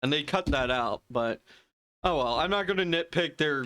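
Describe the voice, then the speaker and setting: A man's voice: on the high side, lively intonation, normal speed, pushed and bright, a little hiss or hum. A man giving rambling, self-amused commentary as he streams a video game, often laughing at himself. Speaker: gaming streamer. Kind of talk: casual gameplay commentary.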